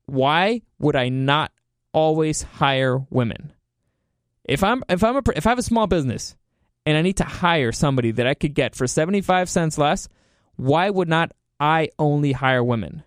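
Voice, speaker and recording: Male podcast host, heated profane commentary, slightly high pitch, dry close-mic sound. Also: expressive, moderate pace, clear, resonant tone, no room sound. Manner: profane, heated, rhetorical questions. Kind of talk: solo commentary podcast rant.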